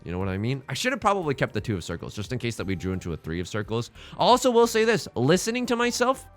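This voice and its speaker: A young man giving casual, joking commentary over his own gameplay, slipping in quick impressions. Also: mid-range voice, huge pitch swings, soft background music. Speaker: let's play streamer. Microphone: headset mic.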